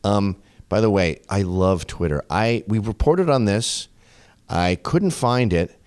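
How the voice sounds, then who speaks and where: A man's voice: on the low side, lively intonation, takes it slowly, darkish tone, clean tone, dry recording. A man hosting a show, giving sardonic, profane commentary over clips. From Canada. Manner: profane and mocking. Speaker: host.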